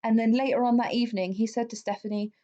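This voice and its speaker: Talking fast with fairly even intonation, a woman whose voice is mellow and on the high side co-hosts a podcast. She tells a true-crime case chattily, swearing freely and filling gaps with fillers, over dull lo-fi sound.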